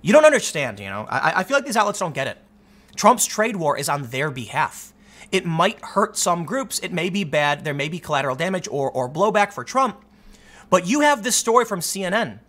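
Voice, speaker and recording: Alone on the mic, a man reads news quotes aloud and reacts with political commentary, turning animated and repeating words as he heats up. His voice is high and brisk.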